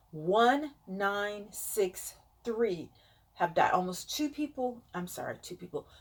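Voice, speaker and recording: A woman vlogger talks slowly and unhurriedly, reading numbers aloud to her viewers. Her nose is stuffed up, and her dismay shows as she now and then drops to a hushed whisper. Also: medium pitch. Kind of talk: casual vlog reading statistics aloud.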